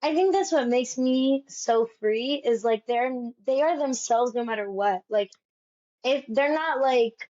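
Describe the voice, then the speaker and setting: A Broadway actress telling stories in a casual interview, animated and peppering her talk with "like". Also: sits high, a little slow. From United States. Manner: animated, fills speech with "like". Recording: dull lo-fi sound.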